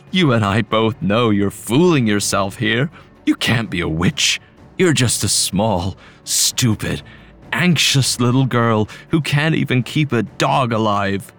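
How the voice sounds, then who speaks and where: A man's voice: mid-range voice, very animated, unhurried, fairly bright tone, faint music behind. A man voicing the ghost of a dead dog that moans and whines, accusing and cruel. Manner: moaning, whiny, cruel.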